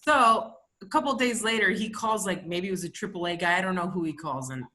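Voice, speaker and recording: A woman's voice: fairly low pitch, fast talker, sharp tone. A woman co-hosting a podcast, telling stories in a profane, ranting, casual comedic chat. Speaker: podcast co-host.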